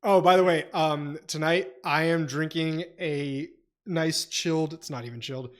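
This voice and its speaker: A young man with a slightly higher voice co-hosts a casual book podcast. He jokes in a mock-solemn, theatrical way and laughs often. He slows down and steadies when he reads plot summaries. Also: steady tone. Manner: reads synopsis in a quieter, steadier voice. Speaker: podcast co-host.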